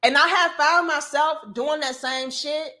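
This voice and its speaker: High bright woman w/ black ranting about relationships, preachy and emphatic, thirties. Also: fairly even intonation, a little slow. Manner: emphatic, preachy, acts out quoted voices. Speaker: commentary show host. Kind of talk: casual opinion monologue.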